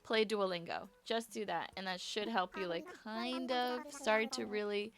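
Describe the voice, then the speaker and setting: A woman's voice: medium pitch, steady tone, measured pace, creaky. A young woman chatting casually to viewers on a live stream while playing a game, rambling with lots of fillers and restarts.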